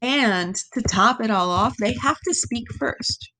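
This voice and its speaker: A woman's voice: fairly high pitch, measured pace, pushed and bright, slight background noise. A young woman teaching a class, reading a myth aloud and explaining it in casual, plain words as she thinks it through. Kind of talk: reading lesson, thinking aloud over a text.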